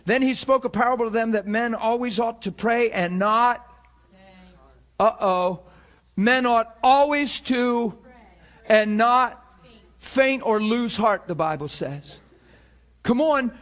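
A male pastor preaches in a strikingly high voice, speaking slowly and pausing often. He swings from shouted cries to quiet, intimate passages, frequently repeating words and restarting his sentences.

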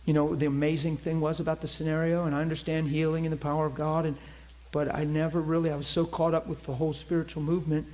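A man's voice: fairly high pitch, little pitch movement, fast talker, few pauses, lo-fi sound. A man preaching a sermon, telling a story and acting out the people in it.

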